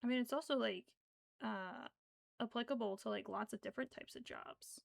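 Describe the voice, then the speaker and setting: This craft streamer talks at normal speed in a somewhat high voice with vocal fry, recorded with no echo. She rambles casually as she crochets, filling her speech with fillers and counting stitches to herself.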